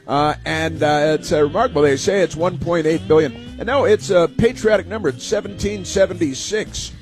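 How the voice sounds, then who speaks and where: A political talk radio host rambles through long monologues packed with "uh" fillers and sarcastic asides, speaking fairly quickly in a voice on the high side. He uses a studio microphone, with faint music playing behind him.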